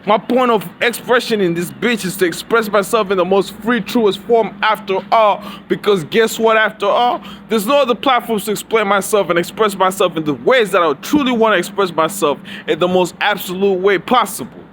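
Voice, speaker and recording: A man's voice: sits high, normal speed, few pauses, fairly bright tone. A man giving a profane, preachy, rambling monologue with lots of slang, recorded outdoors near traffic. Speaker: vlogger.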